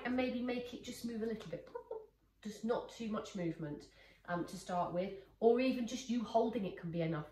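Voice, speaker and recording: A woman working as a dog trainer demonstrates exercises casually, praising and encouraging as she goes. Her voice is medium in pitch and a little mellow, recorded far from the mic in an echoey room with faint noise.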